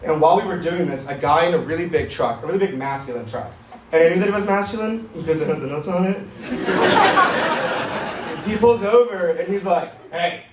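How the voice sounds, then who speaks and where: A man doing stand-up comedy on a club stage, with a deadpan, edgy, self-mocking delivery. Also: high-pitched, normal speed, noisy background. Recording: roomy club sound from far, crowd laughter.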